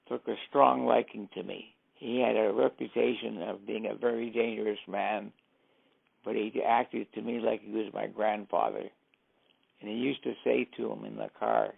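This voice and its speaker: An older man with a rough, gravelly voice and a husky edge spins long anecdotes for an interviewer. He sits a little low in pitch, and the sound is thin and tinny, like a phone line. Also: measured pace. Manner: anecdotal, acts out quoted speech. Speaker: interviewee, former driver and informant. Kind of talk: storytelling interview.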